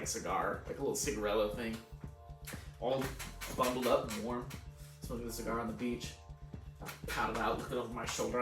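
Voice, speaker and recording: A man co-hosting a podcast, telling a long casual story with frequent laughs and free swearing. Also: medium pitch. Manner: laughs often, swears freely, animated retelling. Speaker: podcast co-host. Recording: roomy echo, distant mic, faint music.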